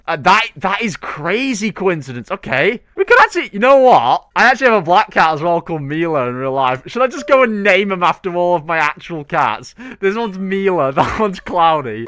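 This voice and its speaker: A young man hosting a let's play, chatting excitably and swearing freely as he plays. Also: a little high, no room sound, clean studio sound. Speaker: gaming channel host.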